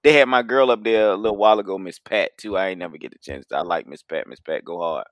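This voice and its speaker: A man co-hosting a casual podcast chat, laid-back and agreeable, quick to laugh. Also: sits low, no echo. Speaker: podcast co-host.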